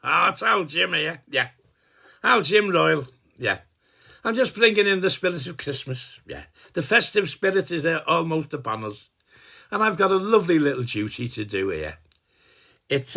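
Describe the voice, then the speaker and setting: In a comic Christmas video greeting, an eighty-something man heavily acts the part of a cheeky, gruff working-class old dad. His voice is fairly high and sharp, sing-song at normal speed, and the jokey in-character monologue rambles along with casual swearing, trailing off and starting again.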